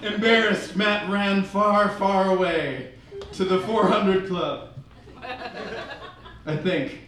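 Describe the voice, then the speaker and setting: A man's voice: sits high, fairly even intonation, slow pace, a bit bright, a little hiss or hum. A man narrating a live improv comedy story in a storybook manner. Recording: echoey hall, distant mic, laughing crowd.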